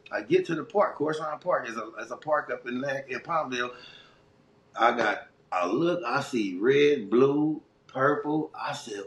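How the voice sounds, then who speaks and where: A middle-aged man from Los Angeles with a local accent, telling his life story in a casual, animated, streetwise and heartfelt way as an interview guest. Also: mid-range voice, moderate pace, vocal fry, echoey room.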